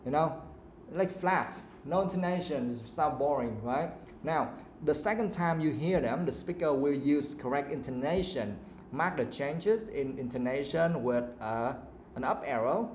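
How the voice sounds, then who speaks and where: A man's voice: a little high, a little mellow, reverberant, a little hiss or hum. A man with a Vietnamese accent teaching an English speaking lesson live, modelling intonation with exaggerated examples.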